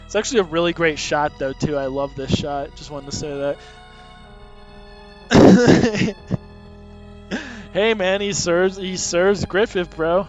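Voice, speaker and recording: A man's voice: on the high side, fairly even intonation, slow pace, pauses often. A young man reading a comic aloud in casual, laughing, profane commentary, on dull lo-fi audio. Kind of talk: casual read-along commentary. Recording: dull lo-fi audio, faint music.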